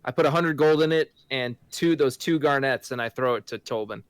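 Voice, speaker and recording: A man describing his character's actions in a tabletop game, deliberate and descriptive. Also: medium pitch, smooth, no echo. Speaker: player.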